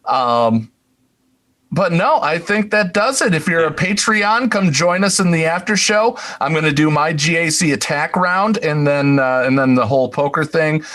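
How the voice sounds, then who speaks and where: A man's voice: a little high, lively intonation, moderate pace, fairly bright tone. A man co-hosting a podcast in casual chat, easygoing, laughing often and steering the segments. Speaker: podcast co-host.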